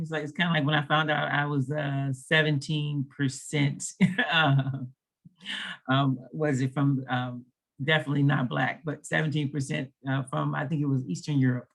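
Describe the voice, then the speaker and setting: A woman from Los Angeles, a panelist sharing her story in a relaxed way, chuckling and using many fillers. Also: low-pitched, moderate pace, creaky.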